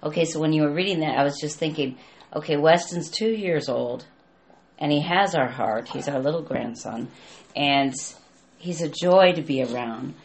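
A woman's voice: sits low, moderate pace. An older woman, a grandmother, talking casually about prayer and her grandson, with many restarts. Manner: warm, rambling, restarts sentences. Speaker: co-host. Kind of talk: casual conversation about faith.

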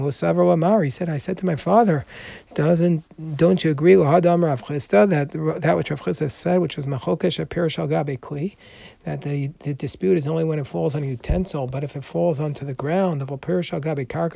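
A man's voice: on the high side, fairly quick, vocal fry, dark tone, dry recording. A man teaching a Talmud class, reading Aramaic passages aloud and explaining them in English with frequent restarts.

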